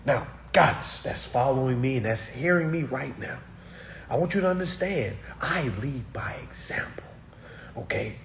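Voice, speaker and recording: A man talks straight into a livestream, blunt and preachy, hammering the same words again and again. His pitch sits in an ordinary middle range. Faint noise hums underneath. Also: expressive, a little slow, vocal fry, fairly bright tone. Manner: preachy, blunt, keeps checking in with "all right?" and "okay?"; emphatic and repetitive, hammering single words. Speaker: livestream host answering viewer comments. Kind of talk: casual livestream monologue.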